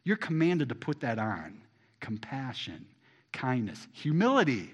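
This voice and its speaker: Animated preacher man, lively delivery. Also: mid-range voice, measured pace, slightly rough, highs cut off. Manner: animated preaching, swings between loud emphasis and quiet asides; conversational, rhetorical questions to the congregation. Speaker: pastor. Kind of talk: sermon.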